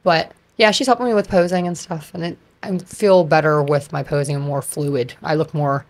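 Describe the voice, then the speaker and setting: A woman in her thirties, a podcast guest, talking in a chatty, animated way with lots of fillers. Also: low voice, normal speed. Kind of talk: casual conversation.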